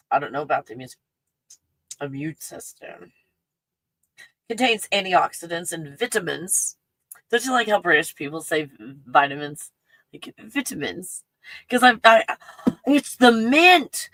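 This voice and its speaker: A woman in her forties hosting a casual solo livestream, rambling excitedly and swinging between hushed asides and loud outbursts. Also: medium pitch, dry recording, low-quality recording. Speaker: livestream host.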